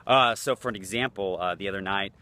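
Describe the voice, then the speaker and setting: Blunt, low-voiced man coaching on dating. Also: fast talker, bright, forceful tone. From United States. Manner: loose and blunt, swears, acts out quotes. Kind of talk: casual talking-head vlog.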